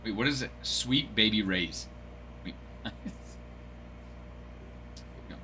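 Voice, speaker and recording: A man's voice: mid-range voice, sing-song, measured pace, pauses often, bright, forceful tone, a little hiss or hum. A man hosting a card break livestream, joking and laughing as he answers viewers by name. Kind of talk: casual livestream chat.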